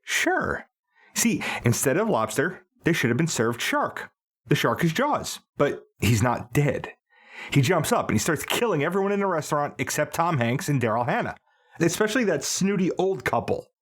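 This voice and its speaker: Early-forties male podcast co-host, lively pitch, comic and insistent. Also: moderate pace. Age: early 40s. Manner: spins absurd gross-out bits, pushy and animated. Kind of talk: comedic movie podcast chat.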